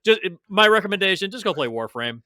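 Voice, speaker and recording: A man's voice: high-pitched, very animated, quick pace, bright, forceful tone, no echo, studio quality. A man co-hosting a casual podcast, laughing often and teasing his co-host.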